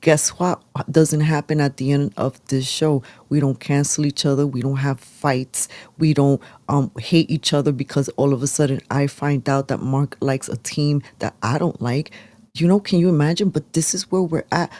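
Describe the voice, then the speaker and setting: Animated New York woman co-host. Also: low-pitched, normal speed, dry recording. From New York City. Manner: animated, mixes Spanish phrases into English. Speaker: livestream co-host. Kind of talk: casual political chat.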